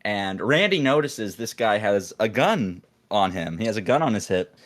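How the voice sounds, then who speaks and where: A young man, a podcast co-host, telling a work story in a rambling, animated way, full of restarts and acted-out quotes. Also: on the low side, normal speed. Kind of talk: casual storytelling chat.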